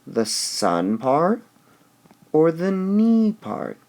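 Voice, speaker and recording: A man teaching a recorded lesson, speaking slowly and deliberately and stressing syllables out loud as he explains. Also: medium pitch, very animated, gravelly. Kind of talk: recorded lesson on poetic meter.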